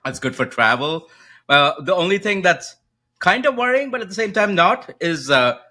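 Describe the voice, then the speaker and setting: A man co-hosting a casual finance podcast, walking through economic data and often checking in with a quick "right?". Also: high-pitched, lively intonation, bright, forceful tone. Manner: explanatory, data-heavy, asks rhetorical "right?". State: coughing, slightly choked up. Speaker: co-host, macro strategist. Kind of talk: casual market podcast chat.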